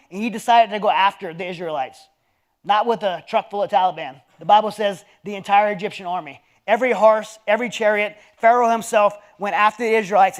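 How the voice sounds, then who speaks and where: A man in his forties is the guest speaker at a men's dinner, giving a conversational sermon with scripture readings. He tells the story with earnest feeling, dropping to a low, quiet voice on personal points.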